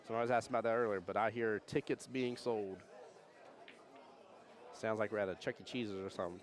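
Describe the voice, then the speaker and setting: Man, live pool commentary, jokey and excitable, reads chat aloud. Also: fairly low pitch, quick pace, long pauses. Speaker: pool match commentator and streamer. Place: pool hall during a tournament.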